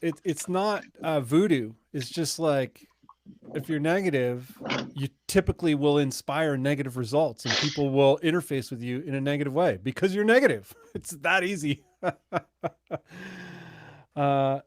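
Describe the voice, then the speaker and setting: A man's voice: a little high, moderate pace, no room sound, studio quality. A man in his thirties co-hosting a podcast in casual chat, easygoing and rambling, laughing often. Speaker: podcast co-host.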